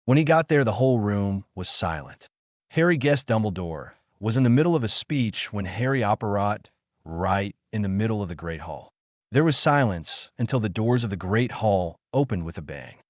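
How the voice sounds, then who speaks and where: A man narrating a fan-fiction story in a lively storytelling manner. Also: lowish voice, moderate pace, no echo, studio quality.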